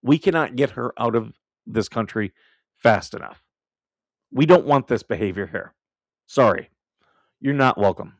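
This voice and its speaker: Male streamer host, blunt and foul-mouthed, mid pitch, dry close sound. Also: expressive, measured pace, long pauses, dry recording. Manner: blunt, profane and combative; laughs at his own remarks. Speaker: livestream host. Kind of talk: casual live commentary.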